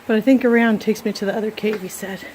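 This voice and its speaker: A woman vlogging on a phone as she hikes through caves and woods, talking excitedly to the camera and out of breath at times. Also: medium pitch, fast talker, slight background noise. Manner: chatty, excited, talking to camera while walking. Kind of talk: casual hiking vlog. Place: outdoors in caves and forest. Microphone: phone held while walking.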